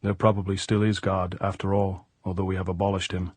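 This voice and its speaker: A man's voice: low voice, little pitch movement, a little fast, a little mellow, breathy edge, no room sound. A man reading a blunt earthy guerrilla woman. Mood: frank. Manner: frank, grave, plainspoken.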